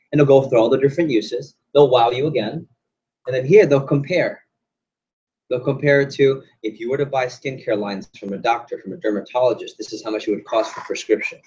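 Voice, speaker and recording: A man leads an interactive sales training session, quizzing the room and acting out examples. His mid-range voice is slightly mellow and husky, captured with lo-fi sound.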